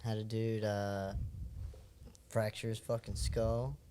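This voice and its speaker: A man's voice: fairly low pitch, level tone, slow pace, noisy background. A man in a casual podcast chat who talks hesitantly, with lots of fillers.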